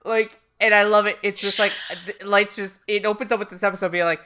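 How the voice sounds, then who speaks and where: Woman co-host, mid pitch, bright tone, blunt and laughing, casual chat. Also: steady tone, a little fast, clean tone. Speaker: podcast co-host.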